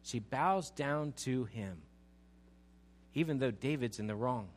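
A man preaching a sermon, addressing his congregation directly and rising into loud, emphatic passages. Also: mid-range voice, animated, takes it slowly. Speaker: pastor.

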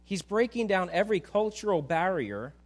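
A man preaching a sermon in a casual, conversational way, animated and often repeating words as he restarts. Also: sits high, moderate pace. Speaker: pastor.

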